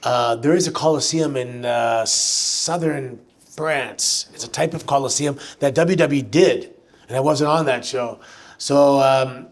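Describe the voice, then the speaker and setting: A man answering fan questions at a live show, telling animated stories with frequent restarts. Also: mid-range voice, unhurried. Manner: animated, chatty storyteller who restarts sentences. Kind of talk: live on-stage storytelling Q&A. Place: live show venue with audience.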